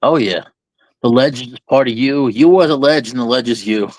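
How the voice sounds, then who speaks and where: A man's voice: mid-range voice, normal speed, dry recording. A man co-hosting a candid podcast, talking reflectively and building extended metaphors. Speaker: podcast co-host. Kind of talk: candid conversational talk.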